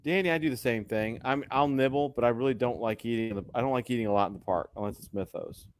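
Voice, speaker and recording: A man's voice: mid-range voice, fast. A man hosting a casual live video chat, rambling and joking with some swearing. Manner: rambling, profane, jokey. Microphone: video call.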